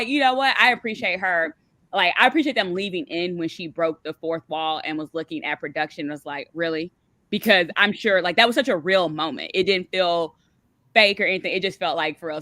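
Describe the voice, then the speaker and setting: A woman calling into a live discussion show, giving blunt, animated opinions and acting out what people said. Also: on the low side, no room sound. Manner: animated, blunt, acts out quotes. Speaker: caller. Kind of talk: casual opinionated chat.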